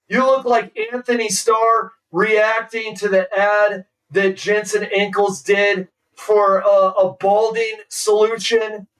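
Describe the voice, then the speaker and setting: A man with a high voice rants with mocking, exasperated sarcasm. He sounds set back from the microphone, as on a streaming setup. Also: a bit bright, recorded from a distance, poor audio. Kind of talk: ranting commentary.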